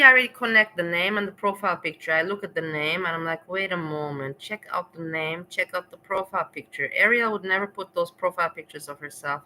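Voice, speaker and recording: Chatty livestreaming woman, bright voice. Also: on the low side, slight background noise, poor audio. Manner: rambling, laughs often, talks back to chat. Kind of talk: casual livestream chat to viewers.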